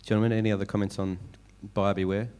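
A man's voice: lowish voice, little pitch movement, fast, a little mellow, clean tone. A man moderating a finance panel, posing questions to the speakers.

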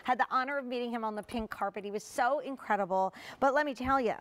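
A woman's voice: on the high side, quick pace. A woman hosting a live home shopping show, chatting in a bubbly sales patter about shoes. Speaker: shopping channel host.

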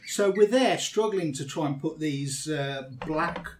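A man's voice: fairly high pitch, measured pace, far from the mic, slight background noise. A British man hosting a podcast, telling a holiday story in casual chat and laughing often. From Britain. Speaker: podcast host.

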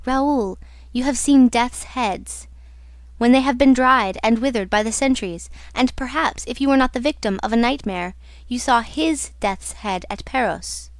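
A woman's voice: a little high, moderate pace, no room sound. Woman narrating a gothic audiobook. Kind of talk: scripted narration.

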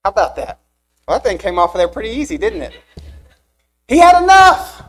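Animated young preacher man, emphatic. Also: sits high, racing, soft background music, low-quality recording. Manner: animated, rising emphatic delivery with rhetorical questions. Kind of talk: sermon. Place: church sanctuary.

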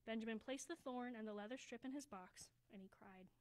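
A woman reading a children's story aloud at a church service, slowing down for emphasis and dropping to a hush. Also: a little high, poor audio. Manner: expressive, slows down for emphasis, drops to a hushed voice.

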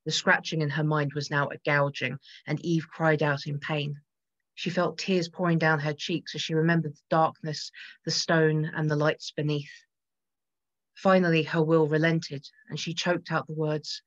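A woman narrating a gothic horror story in a measured voice that builds tension. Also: sits low, level tone, muffled recording. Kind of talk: dramatic gothic story reading.

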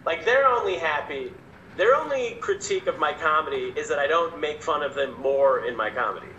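A male stand-up comedian telling a story as a podcast guest, animated and self-mocking. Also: a little high, brisk, highs cut off, slight background noise. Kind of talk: casual storytelling. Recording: echoey room, faint ambience.

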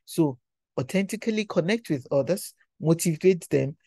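A man's voice: on the high side, expressive, moderate pace, warm tone, dry recording. A man giving an induction lecture to professionals, exhorting them and repeating his key phrases for emphasis.

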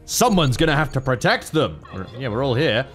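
Excitable Australian man gaming. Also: mid-range voice, a little fast. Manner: excitable, swears freely, talks to units in game. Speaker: gaming streamer. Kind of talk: casual gameplay commentary. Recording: commentary over game audio with music.

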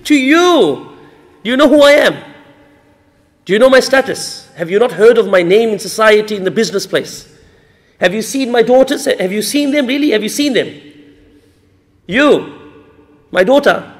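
A man voicing an arrogant wealthy father who mocks and dismisses a suitor, raising his voice. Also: extremely high pitch. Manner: scornful, shouting questions, dismissive. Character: arrogant wealthy old father, scornful and mocking. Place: mosque hall. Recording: reverberant hall.

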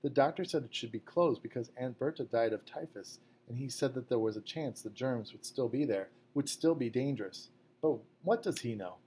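A man voicing a calm, quick-witted mother in a storybook reading. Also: mid-range voice, slight background noise, close to an everyday voice. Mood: pointed.

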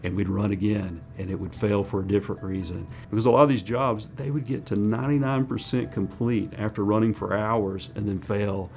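A man's voice: fairly low pitch, level tone, fairly quick, few pauses, darkish tone, soft background music. A man, a scientist, recalling events plainly and conversationally in a documentary interview. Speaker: lab scientist.

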